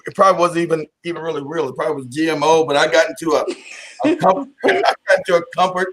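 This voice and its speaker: This man's voice sits fairly high and sounds fairly bright, with a little background noise behind it. Giving a casual community talk, he tells profane, joking stories that restart and wander into asides, addressing his listeners again and again as family.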